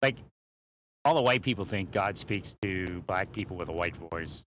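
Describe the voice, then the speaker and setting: A man's voice: low voice, expressive, moderate pace, fairly bright tone, slight background noise. A man speaking in a rambling way from inside a moving vehicle, laughing often between thoughts, sometimes leaning away from a mounted mic. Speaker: vlogger. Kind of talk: rambling monologue while driving.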